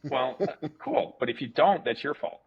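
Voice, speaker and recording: A man, a martial arts instructor, telling stories casually as a guest, animated, repeating words and swearing freely. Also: mid-range voice, moderate pace, gravelly, breathy edge. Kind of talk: casual storytelling interview. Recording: dull lo-fi podcast audio.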